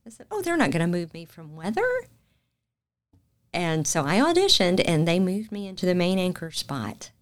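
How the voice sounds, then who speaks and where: A middle-aged Southern woman talks through her career as an interview guest. Her voice sits a bit low, and she tells the story with energy, acting out each quoted line. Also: moderate pace. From Macon, Georgia. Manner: animated storyteller, acts out quoted lines. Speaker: guest, news anchor.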